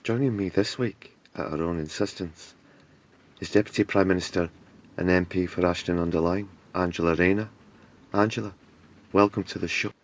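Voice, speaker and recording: A man voicing an awkward politician hosting a talk show, deadpan and easily flustered. His voice is very deep. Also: normal speed, highs cut off. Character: awkward, put-upon male talk-show host politician.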